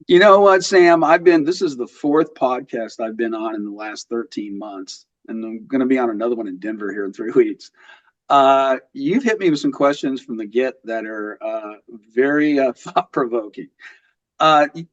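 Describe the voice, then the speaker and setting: A man in his fifties with a light West Texas accent, a podcast guest talking casually and thoughtfully, with frequent pauses and restarts. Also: medium pitch, expressive, no echo. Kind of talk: casual interview. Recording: dull lo-fi audio.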